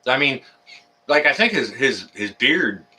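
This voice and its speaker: A man's voice: medium pitch, sing-song, a little slow, sharp tone. A man hosting a casual live stream, greeting viewers by name and chatting in a rambling way full of fillers. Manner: rambling, filler-heavy, friendly banter. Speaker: livestream host. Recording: voice a bit far from the mic.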